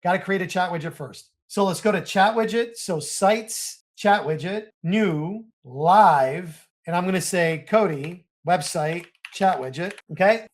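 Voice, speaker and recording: High-voiced, excitable male tutorial host. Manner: excitable, talks to viewers as he clicks. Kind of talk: screen-share software walkthrough.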